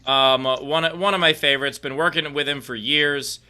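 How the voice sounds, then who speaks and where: Very bright-voiced male comedy host. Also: fairly high pitch, fairly even intonation, moderate pace. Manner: jokey, introduces acts with filler-heavy patter. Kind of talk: hosting a live online comedy show.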